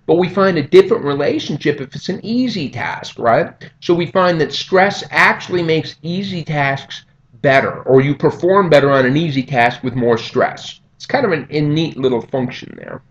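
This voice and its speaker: A man's voice: on the high side, lively intonation, normal speed. A man giving a recorded lecture over slides in a conversational way, often checking in with "okay?" and "right?". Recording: dull lo-fi audio.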